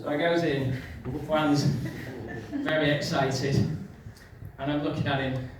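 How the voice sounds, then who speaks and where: A man's voice: a little high, steady tone, a little slow. A man doing a stand-up set in a pub, telling self-mocking stories in a conversational way. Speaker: stand-up comedian. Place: pub venue with audience. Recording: distant mic, loud room echo, faint noise.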